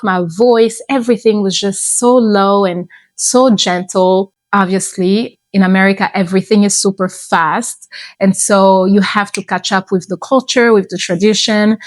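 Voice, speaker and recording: A woman in her thirties talking to camera about lifestyle, relaxed and chatty, often restarting her sentences. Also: mid-range voice, no room sound. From abroad, moved to the US at fifteen. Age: 30s. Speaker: lifestyle vlogger. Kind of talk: casual advice talk to camera.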